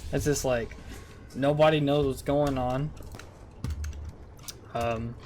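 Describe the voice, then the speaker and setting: A man's voice: medium pitch, steady tone, takes it slowly, a little mellow, soft background music. A young man telling a casual, rambling story straight to his viewers, full of swearing and incredulous outbursts. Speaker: vlogger.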